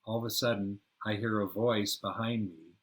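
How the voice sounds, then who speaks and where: A man's voice: fairly low pitch, fairly even intonation, normal speed, a bit bright. Older man telling rambling travel stories. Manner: rambling, searches for words. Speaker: podcast host and storyteller. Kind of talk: personal travel storytelling.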